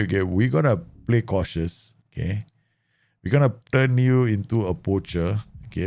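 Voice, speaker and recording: A man casually commenting while he plays a football management game, excitable and laughing often. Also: creaky. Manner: excitable, laughs often, animated pitch swings. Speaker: gaming streamer.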